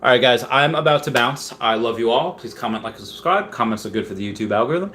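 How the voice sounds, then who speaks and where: A man's voice: medium pitch, animated, brisk, a bit bright. A young man hosting a casual livestream from home, rambling as he reads viewer comments aloud. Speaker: livestream host. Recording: faint background noise.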